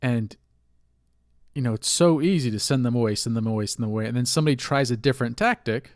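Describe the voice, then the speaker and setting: A man talks through a solo podcast episode in a loose, rambling, candid way, rueful and quick to swear. His nose is stuffed up and sniffly from allergies. His voice sits at a middling pitch, recorded close and dry with no room sound. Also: dry recording. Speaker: podcast host. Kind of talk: casual solo podcast monologue.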